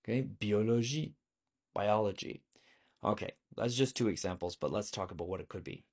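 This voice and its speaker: A man's voice: low-pitched, animated, quick pace, darkish tone, slightly rough. A man teaching a video lesson on French vocabulary, explaining patiently and asking the viewer questions.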